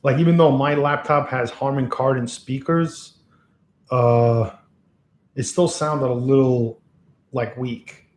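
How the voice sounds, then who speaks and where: Rambling casually on a livestream, a man chuckles often into an XLR microphone on a box in a lamp-lit room at home. His voice is medium in pitch with fairly even intonation and a slow pace, and there's slight background noise.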